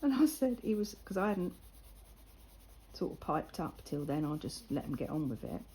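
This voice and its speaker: An older woman vlogger chats casually while she colours, telling a story and acting out what the people in it said with lively quotes. Her voice is low and her speed normal, and the low-quality recording carries a little hiss or hum.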